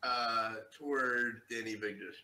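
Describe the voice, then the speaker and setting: A man's voice: mid-range voice, fairly even intonation, measured pace, pushed and bright, roomy sound. A man running a tabletop game as game master, narrating with a teasing, laughing manner.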